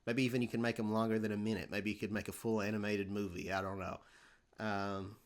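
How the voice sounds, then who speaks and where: A young man hosting a casual podcast, thinking out loud and filling pauses with ums and uhs. His voice sits a little low for a man. He talks through his ideas, restarting sentences often. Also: little pitch movement. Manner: rambling, many fillers and restarts. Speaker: podcast host.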